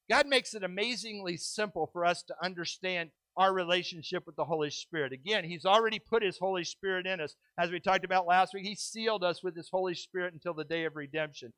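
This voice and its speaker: Bright, high-voiced preaching man. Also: no room sound. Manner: emphatic preaching, stretching key words with pauses; drops into quick asides and self-deprecating humor. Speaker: pastor. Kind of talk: sermon.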